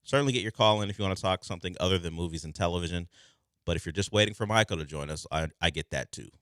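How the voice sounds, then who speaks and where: A man co-hosting a sports talk radio show, talking in an animated, rambling way full of questions. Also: sits low, rapid-fire, no room sound, studio quality.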